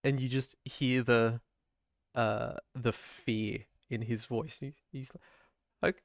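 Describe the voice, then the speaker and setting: A man as game master, narrating a tabletop game in a measured, descriptive way. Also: mid-range voice, steady tone, creaky, dry recording, studio quality.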